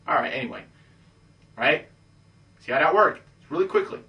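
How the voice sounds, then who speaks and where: A man coaching listeners on dating in a confident, matter-of-fact monologue, ending almost every point with a low "okay?". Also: expressive, a little fast, bright, forceful tone, far from the mic. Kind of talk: instructional monologue.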